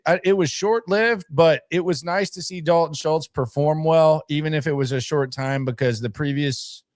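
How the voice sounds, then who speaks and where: A man's voice: mid-range voice, dry recording, clean studio sound. A man co-hosting a casual sports talk show, chatting about football and reading viewer comments aloud.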